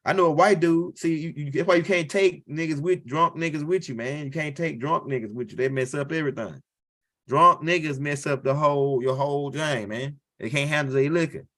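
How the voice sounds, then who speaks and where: Bright-voiced profane stand-up storyteller man. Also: a little high, a little fast. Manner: loose, profane storytelling with frequent "right?" tags. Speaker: stand-up comedian.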